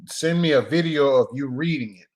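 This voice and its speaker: A man hosting a casual live stream as a filmmaker, talking in a loose, joking way with laughs and drawn-out pauses. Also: on the high side, a little mellow.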